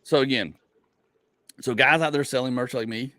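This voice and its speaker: Male comedian host, animated storyteller, rambly, restarts a lot, dry close mic. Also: mid-range voice, moderate pace, no echo. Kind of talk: casual podcast chat.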